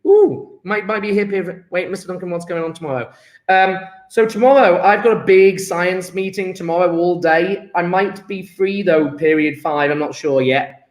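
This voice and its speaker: A man's voice: high voice, moderate pace, echoey room. A man, a chemistry teacher chatting upbeat and jokey with his class as he takes an online register. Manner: upbeat, joking, chatty with students.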